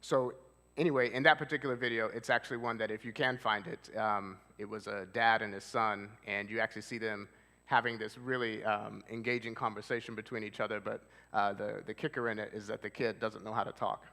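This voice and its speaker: A man's voice: fairly low pitch, flat delivery, brisk, vocal fry, pushed and bright. A male therapist giving a casual church seminar, talking conversationally and asking the audience questions. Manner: conversational, asks the audience questions, loose with fillers. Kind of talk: casual live presentation to an audience. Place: church hall with long reverb. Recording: reverberant church hall.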